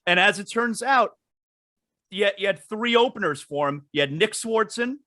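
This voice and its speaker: A man hosting a podcast in casual chat, talking in an enthusiastic, excitable way. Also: high-pitched, moderate pace, no echo, studio quality. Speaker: podcast host.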